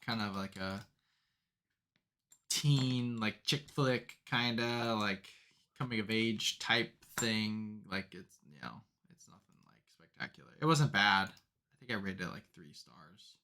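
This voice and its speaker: Bright-voiced young man rambling casually. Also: fairly low pitch, slow pace, pauses often. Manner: rambling, filler-heavy, animated storytelling. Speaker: podcast co-host. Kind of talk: casual chat.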